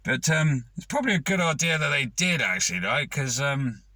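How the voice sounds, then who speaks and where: A man's voice: medium pitch, very animated, a little fast, bright, forceful tone, no room sound. A man ranting to camera, rambling and swearing with lots of fillers. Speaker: vlogger.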